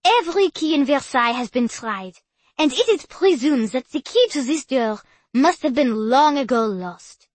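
A woman voicing a brisk French woman tour guide, with a French accent, announcing formally to a group. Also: high-pitched, lively intonation, no echo, voice pushed up. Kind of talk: audiobook character voice.

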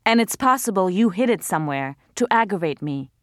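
A woman voicing a bitter, scornful older housewife in an audiobook, mocking and accusing, a little higher than her narrating voice, in a dry recording. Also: expressive, a little fast, dry recording, lightly acted. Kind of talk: audiobook character voice.

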